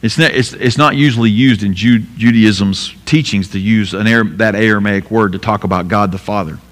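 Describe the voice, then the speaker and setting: A man's voice: on the low side, fairly quick. Man, pastor, emphatic sermon, rhetorical questions, long hall reverb. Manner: emphatic preaching, repeats key lines, rhetorical questions.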